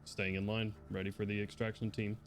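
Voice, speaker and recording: A man running a tabletop game as game master, brisk and orderly as he calls turns and rolls. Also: on the low side, level tone.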